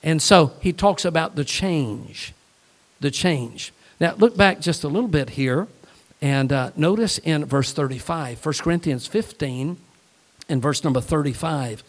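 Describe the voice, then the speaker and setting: A man delivers a sermon from the pulpit, animated and lively as he moves between reading scripture and telling jokes. His voice sits a little on the high side for a man. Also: a little slow. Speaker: pastor.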